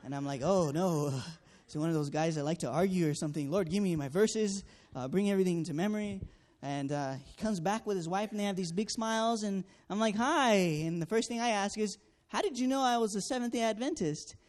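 This man's voice is high, brisk, and a little mellow. He earnestly recounts his personal experience as a door-to-door canvasser, acting out the dialogue and using lots of fillers.

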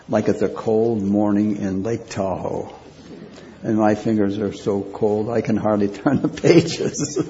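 A slow, deliberate male pastor preaching a sermon with a gravelly, mellow voice, circling back to repeat his key phrases. The recording is dull and lo-fi. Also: lowish voice, slight background noise.

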